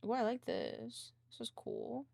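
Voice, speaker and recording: Gravelly, chatty woman streamer. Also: on the high side, huge pitch swings, a little slow, dark tone. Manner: rambling, with many likes and restarts. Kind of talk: casual chat while working.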